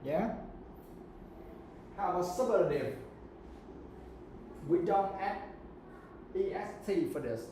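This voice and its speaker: A man's voice: sits high, lively intonation, slow, long pauses, mellow, echoey room, slight background noise. A man teaching an English grammar lesson, often checking that students understand. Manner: checks understanding with repeated questions.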